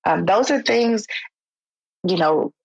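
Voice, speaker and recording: Female clinician guest, informal and explanatory, husky voice, dry close sound. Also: mid-range voice, animated, slow, darkish tone, no room sound, low-quality recording. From United States. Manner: conversational, acts out quoted speech, informal phrasing. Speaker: licensed clinical social worker, guest. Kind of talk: podcast interview.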